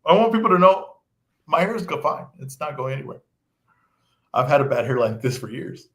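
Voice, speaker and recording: A man's voice: on the high side, fairly quick. A man co-hosting a boxing podcast in casual chat, teasing and joking with his co-hosts. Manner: teasing, jokey, excitable. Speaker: podcast co-host.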